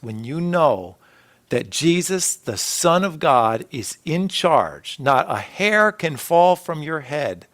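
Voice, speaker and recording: A male pastor delivers an earnest sermon in a church sanctuary. His voice sits somewhat high and he takes his time, swelling on some phrases and dropping others to a near hush. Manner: earnest, rising and falling preaching with soft dropped phrases.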